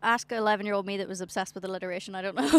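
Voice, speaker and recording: A young Northern Irish woman, a singer-songwriter appearing as a guest, chats casually in an interview out on a balcony. Her mid-range voice is sing-song and quick, and she laughs a lot and lets sentences trail off. There's no echo on the recording.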